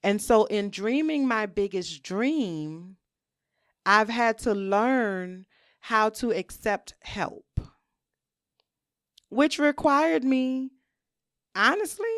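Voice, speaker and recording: A woman hosting a solo podcast, talking candidly and reflectively in a relaxed conversational way, often saying "you know". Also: mid-range voice, slow pace, dry recording, studio quality. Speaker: podcast host.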